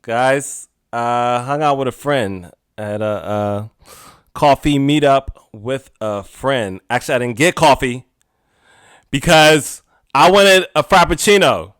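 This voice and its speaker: A man hosting a podcast alone, telling a rambling casual story with frequent laughs and sudden animated outbursts. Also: medium pitch, takes it slowly, clear, resonant tone, dry recording, studio quality. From United States. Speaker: podcast host. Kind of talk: casual solo monologue.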